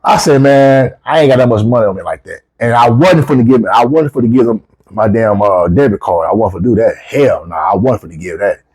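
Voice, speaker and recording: A man with features, casually telling a travel story as a vlogger, swearing freely and jumping up in pitch when he quotes himself. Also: fairly quick, husky. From United States. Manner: animated, profane, rises sharply when quoting himself.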